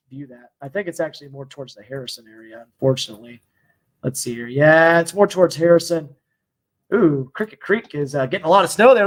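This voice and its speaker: A man's voice: a little high, a bit bright, no echo. A man presenting a casual weather live stream, chatty and upbeat as he reads out viewer comments, sounding a little congested. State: slightly congested. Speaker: TV meteorologist.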